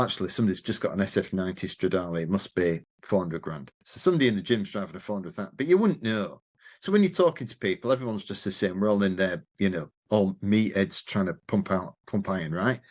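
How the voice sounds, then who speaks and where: A middle-aged man talks as a podcast guest, his voice sitting fairly low but jumping up whenever he acts out someone else's words. He tells stories casually, with the odd swear word and plenty of animation. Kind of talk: conversational storytelling.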